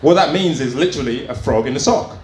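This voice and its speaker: A man's voice: medium pitch, animated, quick pace. A man doing open mic stand-up in a small comedy club, telling crude stories in a chatty way full of fillers. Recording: roomy club sound, faint ambience.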